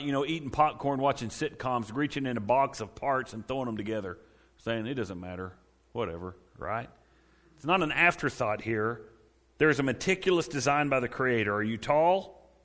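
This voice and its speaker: A middle-aged male pastor preaching a sermon, rising to loud, high-pitched emphasis.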